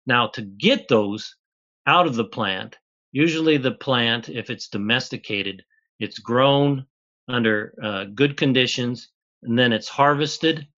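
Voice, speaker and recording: A man's voice: mid-range voice, slow, bright, forceful tone, lo-fi sound. A man, a chemist guest on an interview, patiently explaining step by step in plain words.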